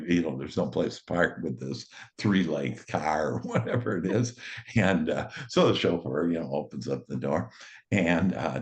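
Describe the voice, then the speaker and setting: A man's voice: low voice, darkish tone. A man, an author and motivational speaker, telling a cheerful anecdote casually and chuckling often as he goes. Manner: cheerful and upbeat.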